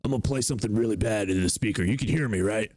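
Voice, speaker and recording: A man's voice: lowish voice, rapid-fire, a little mellow, natural voice. A man putting on a mocking voice of a young man who is taunting someone before pulling a prank.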